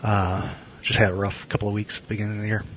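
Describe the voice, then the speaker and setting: A man's voice: lowish voice, flat delivery, quick pace, a bit bright, breathy edge, poor audio. A man co-hosting a casual podcast, teasing his friend in a dry, wry way and often restarting his sentences. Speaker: podcast co-host. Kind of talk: casual chat.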